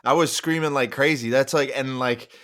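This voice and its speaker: A man's voice: medium pitch, normal speed, fairly bright tone. A man chatting casually in a loose, filler-heavy way. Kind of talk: casual chat.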